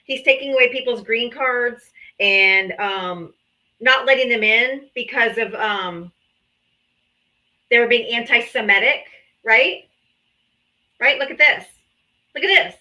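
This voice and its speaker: A young woman hosts a confrontational political livestream, her voice bright and pushed forward. She taunts and calls out viewers, daring them to join. She speaks a little higher than most women. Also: slow, long pauses, muffled recording. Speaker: livestream host.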